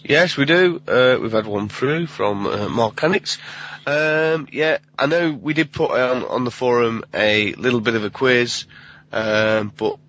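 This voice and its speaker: A man co-hosting a casual podcast, relaxed and hesitant with fillers as he reads out a listener email. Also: medium pitch, unhurried. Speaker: podcast co-host. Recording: slightly dull lo-fi podcast audio.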